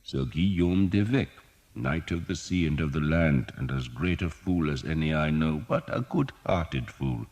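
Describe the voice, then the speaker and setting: A man voicing a cheerful, sardonic old male doctor who teases slowly and deliberately. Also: rumbling low, lively intonation, darkish tone, heavily acted. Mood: wry. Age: older. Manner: wry, teasing, slow and deliberate.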